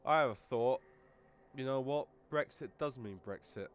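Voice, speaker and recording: A man's voice: medium pitch, normal speed. A man co-hosting a podcast, telling rambling stories full of crude jokes in casual chat. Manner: rambling, crude jokey storytelling. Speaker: podcast co-host.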